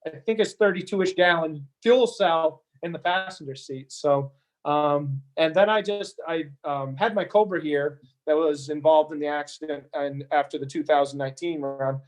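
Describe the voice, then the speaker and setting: A man with a somewhat high voice speaks at a moderate pace as an interview guest. He tells a story casually, often restarting sentences and repeating words.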